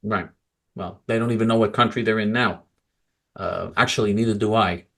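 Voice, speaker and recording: A male political commentator ranting angrily and mockingly, swinging from loud outbursts to low mutters. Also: fairly even intonation, moderate pace, creaky.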